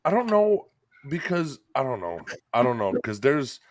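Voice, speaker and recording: A man's voice: medium pitch, very animated, normal speed, dry recording. A middle-aged man from Michigan telling stories in a laid-back casual chat, swearing often and laughing along. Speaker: co-host.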